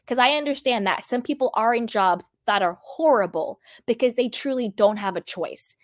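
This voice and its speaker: A sassy woman runs her reality TV commentary vlog, scolding and animated as she talks. Her voice sits a little high, and the sound is dry and close, with no room echo. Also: normal speed. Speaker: commentary host.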